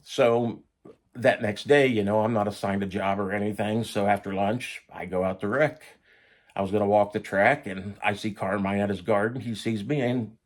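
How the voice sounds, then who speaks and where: A man casually telling a story about his own past, blunt and profane in a conversational way. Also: fairly low pitch.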